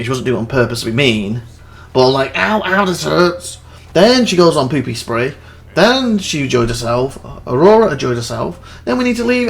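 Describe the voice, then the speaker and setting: A young man hosting a let's play, rambling through anecdotes and acting out quotes with laughs. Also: fairly high pitch. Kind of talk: casual chat over gameplay.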